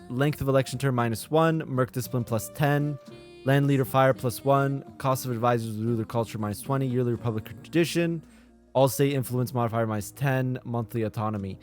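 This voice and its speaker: A man hosting a live strategy game stream, commenting eagerly to his chat and breaking into laughs. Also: medium pitch. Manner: excitable, laughs and talks to chat. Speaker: streamer and lobby host.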